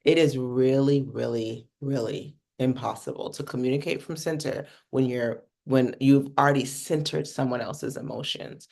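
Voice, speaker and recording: Blunt, gravelly-voiced communication coach. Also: medium pitch, moderate pace, hardly any pauses. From North America. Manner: casual and blunt, swears freely, asks "right?" often. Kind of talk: workshop teaching talk.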